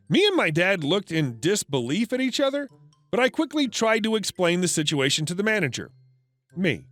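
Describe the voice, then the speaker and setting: High, lively male story narrator. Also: fairly quick, no echo, soft background music. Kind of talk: scripted narration of an online story.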